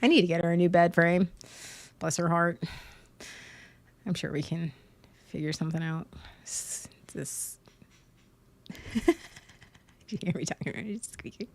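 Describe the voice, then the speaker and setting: A woman's voice: lowish voice, moderate pace, long pauses, no room sound. A woman, a mother hosting a livestream from home. She chats casually and rambles, with many fillers and restarts. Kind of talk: casual rambling chat to viewers.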